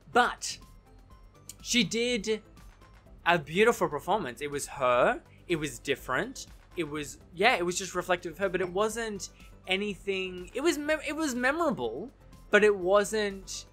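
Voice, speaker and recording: A man casually giving his opinions in a TV recap vlog, chatty and animated, often correcting himself mid-sentence and laughing easily. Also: high voice. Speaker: TV recap vlogger.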